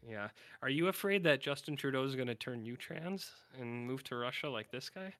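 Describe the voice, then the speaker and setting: Chatty man with a bright, dry voice. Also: mid-range voice, expressive, moderate pace, dry recording. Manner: rambling, filler-heavy, acts out silly voices. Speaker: podcast co-host. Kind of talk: casual chat.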